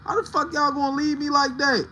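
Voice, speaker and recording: A man's voice: very high-pitched, monotone, brisk, bright, forceful tone, slight background noise, rough recording. A man casually chatting to viewers on a livestream, loose and profane, joking about his heartbreak.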